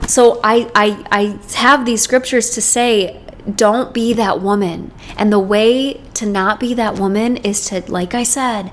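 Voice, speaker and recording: A woman's voice: medium pitch, steady tone, unhurried, a little hiss or hum. Earnest young woman chatting to camera. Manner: earnest, emphatic, chatty with many "like"s. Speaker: video host. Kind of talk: casual faith-based talk to camera.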